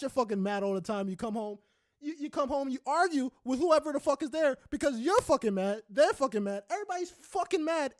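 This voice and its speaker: A man's voice: very high voice, no room sound, clean studio sound. A young man co-hosting a podcast, ranting heatedly and profanely with many restarts in casual talk. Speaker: podcast co-host.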